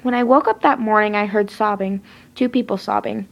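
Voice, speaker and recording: Woman reader with a creaky voice, dramatic and tearful first-person storytelling. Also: mid-range voice, steady tone, fairly quick, dull audio.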